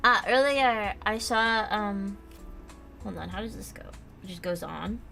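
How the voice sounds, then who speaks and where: A woman's voice: medium pitch, measured pace, creaky, pushed and bright. A young American woman chatting casually on a livestream while she builds a model kit, rambling and reading chat aloud with lots of fillers. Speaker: streamer. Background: faint background music.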